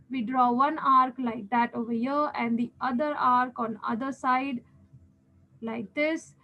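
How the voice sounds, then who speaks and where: The audio is rough, but the woman's high-pitched, fairly bright voice comes through as she walks students through geometry one step at a time. Speaking with an Indian English accent, this maths teacher patiently repeats the key steps and checks in with the class.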